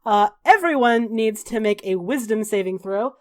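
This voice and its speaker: A woman running a tabletop game as game master, narrating and calling the rules briskly with offhand fillers. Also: fairly high pitch, expressive, darkish tone.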